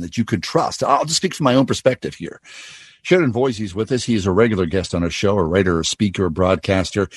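A man's voice: mid-range voice, breathy edge, no room sound. A man hosting a radio talk show, speaking in a reflective, searching way.

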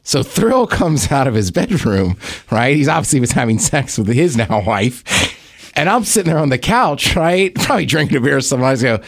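A man's voice: mid-range voice, sing-song, moderate pace, dry recording, studio quality. A man co-hosting a podcast, telling anecdotes in casual chat and asking "right?" often. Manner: chatty, tells anecdotes, says "right?" a lot. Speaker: podcast co-host.

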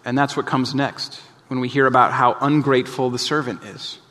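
A man preaching a sermon as pastor, earnest and emphatic, often dropping soft and low to press a point. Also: steady tone, moderate pace. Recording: long reverb of a large hall.

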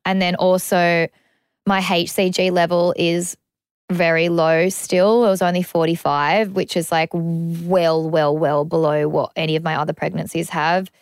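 A young Australian woman talks openly in a loose, rambling way, full of fillers and the odd curse. Her voice sits a touch low, and the sound is close and dry with no room around it. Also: little pitch movement, a little slow, clean tone, no room sound. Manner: rambling, frequent "like", swears freely. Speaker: podcast host. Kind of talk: candid casual chat.

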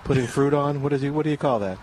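A man's voice: medium pitch, rapid-fire, darkish tone, rough recording. Man, radio host, hesitant with uhs, faint hiss. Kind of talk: casual radio chat.

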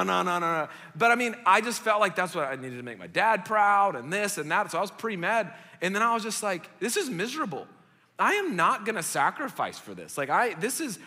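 A young man preaches to college-aged adults in a casual, storytelling way, with quick asides to the crowd. His voice is bright and forceful and sits a little high, and it rings with the long reverb of a church hall. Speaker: pastor.

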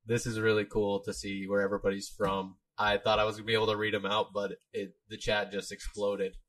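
A man's voice: on the low side, monotone, fairly quick, a bit bright. A man co-hosting a livestream, upbeat, reading out where viewers are tuning in from. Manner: upbeat, listing viewer locations. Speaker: co-host reading the chat. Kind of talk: casual livestream chat.

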